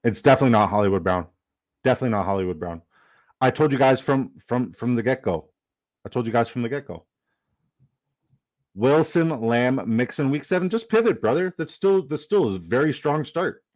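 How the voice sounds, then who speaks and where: A young man casually chatting on a live stream, reading chat comments aloud, excitable and swearing freely. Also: medium pitch, a little fast. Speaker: fantasy football streamer.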